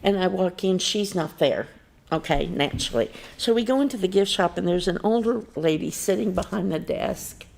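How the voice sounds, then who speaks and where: A woman hosting a local morning TV show in a studio. Her voice sits a little low and has a gravelly, fry-edged grain. She talks in a chatty, storytelling way, laughs often, and moves easily into a calm spoken prayer. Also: moderate pace. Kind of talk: casual on-air chat and prayer.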